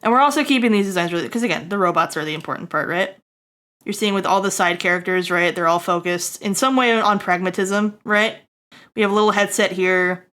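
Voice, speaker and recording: Woman streamer, casual design critique, filler-heavy, keeps asking "right?", sharp bright tone. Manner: jokey asides to chat, bursts high and loud.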